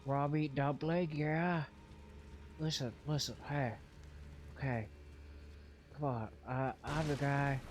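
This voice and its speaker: Man playing swaggering tough guy, pushy, clipped, very slow delivery. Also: mid-range voice, fairly even intonation, faint music behind, lightly acted. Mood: bossy.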